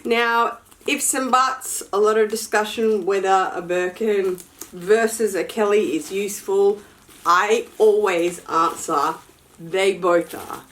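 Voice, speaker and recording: A woman's voice: mid-range voice, fairly even intonation, slow. A woman luxury fashion vlogger chatting casually and frankly to camera during an unboxing, with sassy asides.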